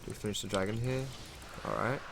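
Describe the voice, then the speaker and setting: A man giving excitable live commentary over his own gameplay, thinking aloud and swearing casually. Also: on the low side, fast talker, vocal fry, noisy background. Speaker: gaming streamer. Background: keyboard typing.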